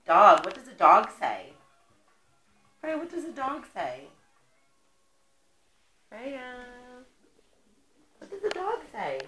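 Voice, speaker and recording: A woman's voice: fairly high pitch, huge pitch swings, takes it slowly, long pauses, pushed and bright, reverberant, faint music behind. A woman reading a picture book aloud to a toddler in a coaxing, sing-song voice with exaggerated baby talk. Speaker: parent.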